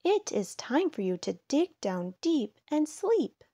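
A woman's voice: high voice, very animated, slow pace, mellow, dry recording, studio quality, pitched above the performer's own voice, full character voice. A woman voicing an urgent skunk in a storybook, insisting that winter is coming. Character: urgent busy skunk bringing news.

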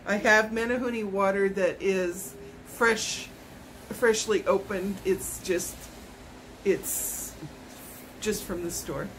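A woman's voice: medium pitch, steady tone, slow pace, long pauses, fairly bright tone, a little hiss or hum, low-quality recording. A woman, vlogging a casual product unboxing at home, chatty and rambling with self-corrections. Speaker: YouTube vlogger.

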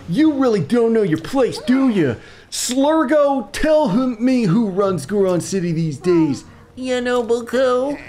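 A man's voice: sits high, pitched above the performer's own voice. Man doing a cocky young rock-creature bully. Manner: taunting, swaggering.

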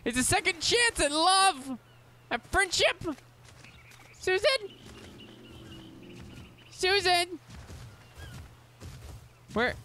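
A man commentating his own gameplay, excitable, chattering to his in-game pets and breaking into squeals and shouts of delight. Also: extremely high pitch, unhurried, slight background noise. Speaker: let's play gamer.

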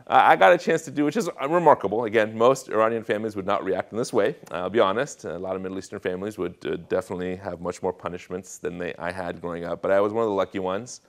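A young adult man giving a sermon testimony as guest speaker, acting out family dialogue in an animated storytelling manner. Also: on the low side, fast, few pauses.

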